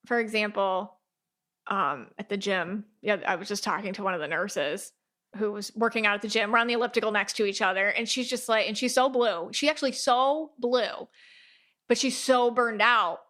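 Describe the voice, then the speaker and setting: Bright-voiced chatty woman podcaster. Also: medium pitch. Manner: chatty, animated, acts out little quoted voices. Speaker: podcast host, aura reader. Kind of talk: casual podcast talk.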